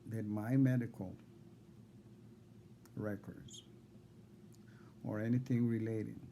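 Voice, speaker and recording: A man reading out insistent legal demands to a court evaluator, repeating himself and halting on fillers. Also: fairly low pitch, flat delivery, vocal fry, dark tone, slight background noise. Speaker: defendant addressing a court evaluator. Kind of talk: confrontational legal declaration.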